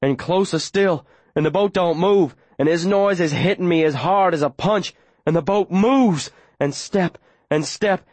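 A man's voice: high voice, dry recording. A man narrating an audiobook in the first person, with urgent, breathless, run-on telling.

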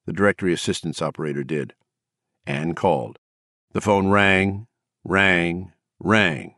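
A man narrating an audiobook in a steady, even reading voice. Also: low voice, unhurried, no echo, clean studio sound.

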